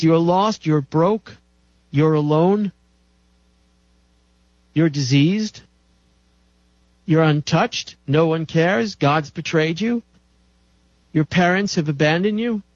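A man's voice: a little high, takes it slowly, long pauses, dry recording. A man giving an impassioned health lecture in a preachy, emphatic way, chanting repeated lists. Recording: dull dry recording.

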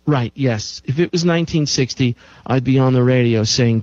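A man's voice: mid-range voice, moderate pace, a little mellow, no room sound, highs cut off. A man hosting a show, talking at length about health in an emphatic style and repeating key phrases for effect. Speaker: show host. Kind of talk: health talk monologue.

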